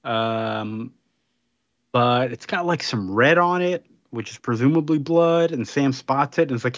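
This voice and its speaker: Relaxed man recapping a comic. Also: medium pitch, no room sound, muffled recording. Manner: relaxed, rambling with many fillers. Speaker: podcast co-host. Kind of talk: casual chat, recapping a comic.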